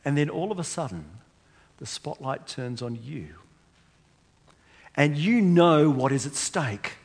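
A man's voice: on the high side, lively intonation, slow pace, breathy edge. A man preaching a sermon to a congregation, speaking emphatically and posing rhetorical questions. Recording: long hall reverb.

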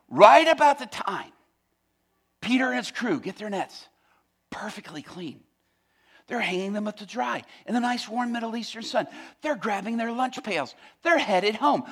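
Male preacher, high lively voice, bright and punchy, humorous storyteller. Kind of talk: sermon.

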